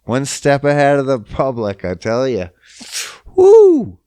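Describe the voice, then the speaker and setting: A man's voice: mid-range voice, moderate pace, a little mellow, clean tone, no echo. A young man from Canada hosting a podcast, ranting in a profane, exasperated and mocking way. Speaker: podcast host. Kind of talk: casual solo rant.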